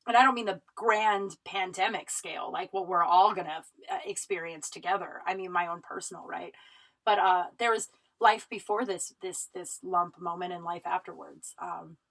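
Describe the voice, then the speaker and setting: A woman's voice: lowish voice, moderate pace, gravelly, fairly bright tone, low-quality recording. Tearful woman rambling through a story. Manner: emotional, rambling, many restarts and fillers. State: tearful, runny nose. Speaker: podcast host. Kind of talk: personal storytelling monologue. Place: home recording room.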